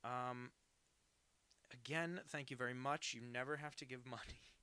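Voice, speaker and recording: A man's voice: medium pitch, fairly even intonation, moderate pace, sharp tone, clean tone, no room sound. A young man in his twenties, a cartoonist on a live stream, chatting casually and self-deprecatingly while he draws and reads out viewers' messages.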